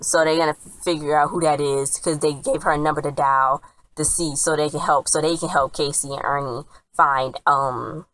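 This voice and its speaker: Low-voiced woman chatting through a recap. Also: fairly even intonation, moderate pace, a bit bright, rough recording. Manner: rambling, chatty retelling that quotes characters often. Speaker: TV episode reviewer. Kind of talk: casual spoken recap.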